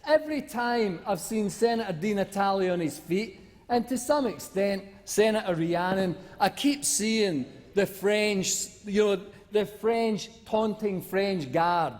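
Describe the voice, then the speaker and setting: High-voiced man rambling in an echoey chamber. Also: a little slow. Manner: rambling and mocking, full of fillers and restarts. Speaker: senator. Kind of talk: parliamentary debate speech. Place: large debating chamber.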